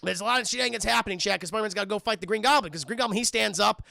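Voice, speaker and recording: High, gravelly-voiced man streaming. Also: rapid-fire, dry recording, studio quality. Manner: profane, animated, talks to chat; acts out lines in put-on voices. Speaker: livestream host. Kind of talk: casual film review stream.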